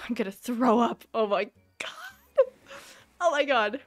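A young woman live streaming a video game, chatting with her viewers and breaking into excited squeals and shouts. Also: on the high side, a little slow, pauses often, soft background music. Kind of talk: casual gaming livestream chat.

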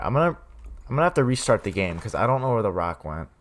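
A young man commenting on a horror game, muttering to himself and then yelling in sudden fright. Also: on the low side, very animated, fast talker. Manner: jumpy, swings from muttering to yelling. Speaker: gaming streamer.

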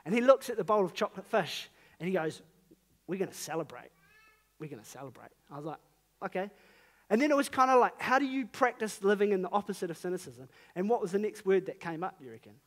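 A man's voice: sits high, expressive, fast. A man in his thirties with a New Zealand accent, preaching a sermon in an earnest, conversational way with emphatic rises on key phrases.

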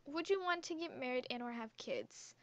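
A woman's voice: sits high, expressive, normal speed, a bit bright. A teenage girl gaming YouTuber who chats casually and giggles as she reads quiz questions aloud and answers them, talking into a headset mic hung around her neck. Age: teens. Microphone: headset mic worn around the neck.

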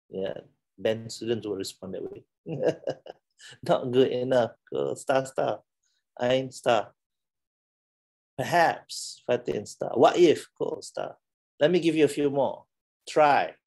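A man's voice: medium pitch, animated, slow pace, vocal fry, long pauses, a little mellow. A middle-aged man with a Malaysian English accent, giving a playful, teasing classroom talk and laughing often. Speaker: lecturer.

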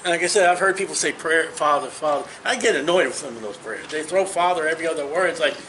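A man in his fifties leads a Bible study in a high, earnest voice, preaching conversationally and with emphasis. He speaks to his listeners personally and directly. Faint noise sits under the recording. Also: expressive, fast, a bit bright, low-quality recording.

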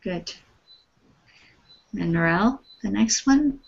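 A woman's voice: mid-range voice, animated, takes it slowly, vocal fry, breathy edge. A woman with a Canadian accent teaching an English lesson online, encouraging her students and modelling words carefully. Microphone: video call. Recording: dull lo-fi online call audio.

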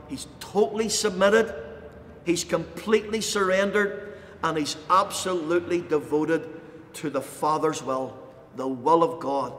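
A man preaching a sermon as pastor, impassioned, pausing dramatically and raising intensity when quoting. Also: a little high, a bit bright, big-room sound, slight background noise. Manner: impassioned, dramatic pauses, voices quoted lines with rising intensity. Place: church.

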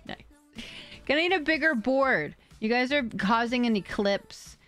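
A young adult woman live-streaming, chatting excitedly with her viewers, thanking donors, swearing and laughing. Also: fairly high pitch, unhurried. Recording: faint music behind.

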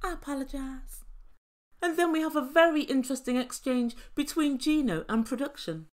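Woman, sarcastic reality tv recap, theatrical mocking delivery, slightly high voice. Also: moderate pace. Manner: mocking, theatrical, laughs at own jokes. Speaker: reality TV commentator.

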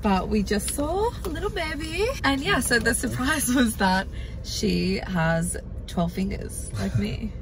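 A woman's voice: medium pitch, noisy background. Giggly young woman vlogging on a phone. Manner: giggly, chatty. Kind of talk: casual vlog chat. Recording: music playing underneath.

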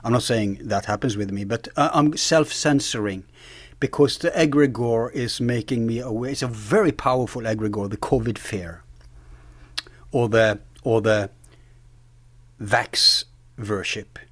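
A man's voice: medium pitch, measured pace, fairly bright tone, no echo. A man as an interview guest, earnestly explaining ideas while searching for his words. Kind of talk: conversational interview.

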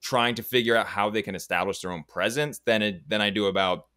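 A man's voice: on the low side, brisk, pushed and bright, clear, resonant tone, dry recording, studio quality. A man in a casual TV review chat, musing thoughtfully and rambling with restarts.

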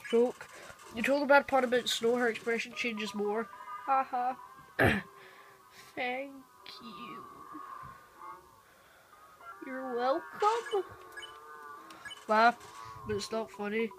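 A woman giving casual let's-play commentary, reading the on-screen text aloud and reacting quickly. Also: fairly high pitch, fairly even intonation, rough recording. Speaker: gamer. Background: game music.

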